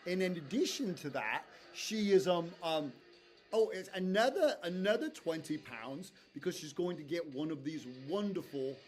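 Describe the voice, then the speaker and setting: A fussy clown host , played by a man, rambles through a charity pitch in a high, shaky put-on British accent. He keeps second-guessing himself and calls everyone darling. Faint music plays beneath him. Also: lively intonation, moderate pace, darkish tone. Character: clown frontman hosting a charity call-in, man.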